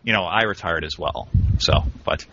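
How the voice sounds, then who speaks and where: A man's voice: deep voice, normal speed, pushed and bright, muffled recording. A man co-hosting a radio talk show in casual banter, rambling and breaking into mock lectures.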